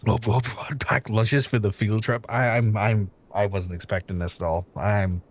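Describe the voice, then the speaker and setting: A man streaming live in casual chat, excitable and profane, stumbling over repeated words. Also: fairly low pitch, moderate pace. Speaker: livestreamer. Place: indoors at home.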